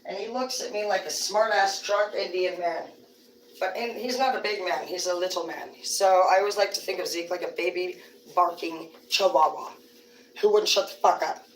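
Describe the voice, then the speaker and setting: A woman with a slightly low voice chats on her livestream, drifting from one story to the next and swearing as she goes. She sits some distance from the mic in a roomy, echoing space. A faint background hum runs under her talk. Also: moderate pace. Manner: rambling, profane storytelling. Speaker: livestream host. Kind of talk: casual livestream chat.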